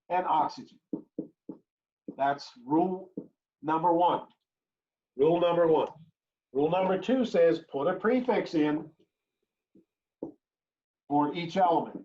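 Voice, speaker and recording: A man teaching an introductory chemistry lecture, repeating key phrases and checking in with "right?" as he works through examples. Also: fairly high pitch. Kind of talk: recorded online lecture. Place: home or classroom during remote teaching. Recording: dull lo-fi lecture recording.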